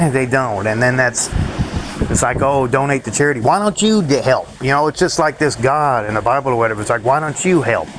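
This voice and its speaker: A man's voice: medium pitch, fairly quick, low-quality recording. A man in a bitter, cursing rant to his viewers, laughing between complaints. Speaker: vlogger. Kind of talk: ranting monologue to viewers.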